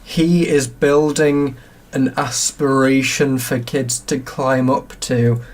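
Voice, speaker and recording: A man's voice: medium pitch, little pitch movement, takes it slowly. Earnest man co-host trading opinions. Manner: opinionated, earnest explaining, trips over words. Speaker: podcast co-host. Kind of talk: casual chat.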